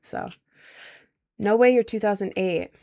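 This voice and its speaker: A woman's voice: mid-range voice, unhurried, gravelly, dark tone. A woman of about twenty from Maryland, chatting casually on a livestream and answering chat with lots of ums. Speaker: livestream host.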